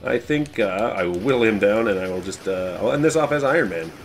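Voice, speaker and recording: A man's voice: lowish voice, animated, brisk, faint music behind. A man giving loose, rambling commentary while playing an old arcade game, swearing casually and joking about himself. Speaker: YouTube host playing a game.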